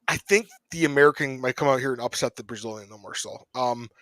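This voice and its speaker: Speaking fast at a medium pitch, a podcast host banters and laughs his way through casual sports betting talk about fight picks. The tone is a bit bright and the recording dry.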